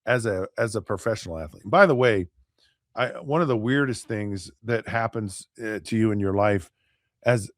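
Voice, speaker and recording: A middle-aged man tells a story on his podcast in a loose, rambling way, often restarting his sentences and acting out the voices of other people. His voice sits at an ordinary middle pitch. The sound is dry and close, with no room echo. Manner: rambling, with many restarts and acted-out quotes. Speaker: podcast host, former NFL quarterback. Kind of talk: casual storytelling.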